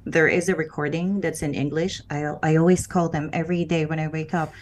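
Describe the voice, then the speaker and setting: Low-voiced Filipino woman, earnest. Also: steady tone, a little hiss or hum. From Philippines. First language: Filipino language. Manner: earnest, unhurried, with filler pauses. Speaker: former call center agent, guest. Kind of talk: conversational interview answers.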